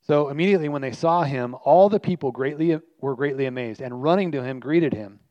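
A man's voice: medium pitch, brisk, warm tone, dry recording. A man preaching a sermon as pastor, earnest and emphatic, repeating his key lines for weight. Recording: dry, slightly muffled recording.

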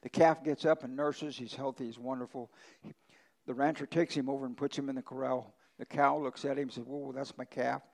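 A man's voice: mid-range voice, fairly even intonation, brisk, a little mellow, rough recording. A male pastor preaching a conversational sermon, telling folksy ranch stories with emphatic swings in his voice.

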